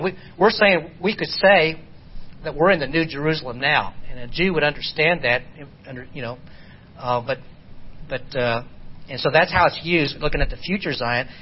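A man teaching an informal Bible study lesson, halting and repeating words as he asks his class rhetorical questions. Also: a little high, slight background noise. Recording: dull lo-fi recording.

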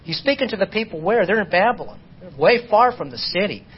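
A man teaching an informal Bible study lesson, halting and repeating words as he asks his class rhetorical questions. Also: sits high, expressive. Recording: dull lo-fi recording.

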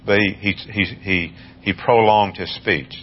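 A man giving a Bible study lesson, talking in a measured, halting way with many fillers and restarts. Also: on the low side, steady tone, dull audio, slight background noise. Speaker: Bible teacher.

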